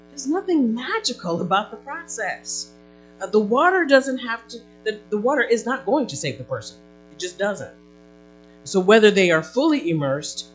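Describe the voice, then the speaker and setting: Animated woman preaching a sermon. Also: medium pitch, rough recording. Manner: animated, conversational, rhetorical questions. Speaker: pastor.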